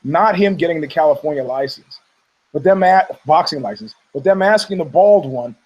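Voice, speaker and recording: Animated and at a moderate pace, this podcast host speaks in a slightly high, darkish voice, with the audio's highs cut off. He rambles casually and profanely about fight news, laughing frequently and mocking others with fake voices.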